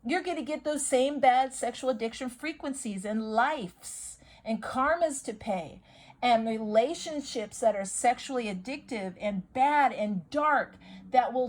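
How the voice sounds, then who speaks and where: A woman's voice: high-pitched, darkish tone, low-quality recording. A woman talking casually about healing stones and affirmations, rambling and repeating herself for emphasis. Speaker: spiritual video host.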